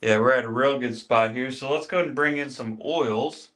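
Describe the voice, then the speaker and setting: A livestream host with a medium-pitched, slightly bright voice talks briskly. He's running a casual stream, chatting with viewers as he shows off his beard care routine, greeting people by name and repeating his phrases.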